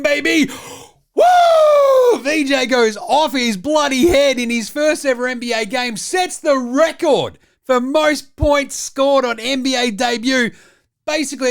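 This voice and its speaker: An Australian man hosting comedic sports highlights, with cheeky, mocking banter. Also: creaky, fairly bright tone. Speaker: host.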